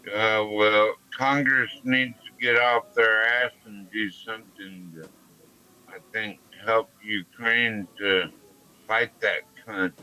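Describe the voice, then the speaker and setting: A man's voice: fairly low pitch, steady tone, slow pace, sharp tone, low-quality recording. A man chatting bluntly and profanely on a live stream. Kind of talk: casual live-stream chat.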